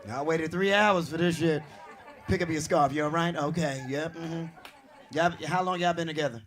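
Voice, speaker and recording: A man doing a stand-up comedy set on a club stage, brash and profane, telling stories loudly to a live audience. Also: on the high side, moderate pace. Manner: brash, profane, animated storytelling.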